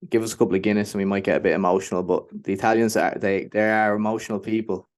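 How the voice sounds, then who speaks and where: A man's voice: lowish voice, little pitch movement, very fast, a little mellow. A man from Ireland, hosting a casual interview, chatty and informal. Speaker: podcast host.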